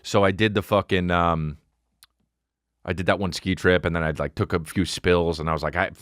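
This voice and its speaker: A man hosting his podcast as a comedian, ranting in an animated, profane way with sudden high mocking outbursts. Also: moderate pace, no room sound, studio quality. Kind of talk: comedic rant.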